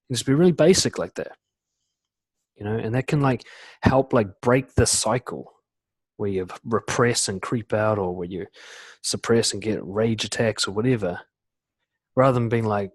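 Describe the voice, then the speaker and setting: A man coaching in a casual webinar talk, full of "you know" and "like", acting out quoted lines in lively voices. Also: lowish voice, moderate pace, pauses often, no echo. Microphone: computer mic on a video call.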